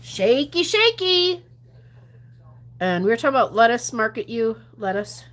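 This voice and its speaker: A woman's voice: a little high, a little fast. A woman chatting casually on a livestream, answering viewer comments, laughing often and dropping to mutters and whispers. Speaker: gambling livestreamer.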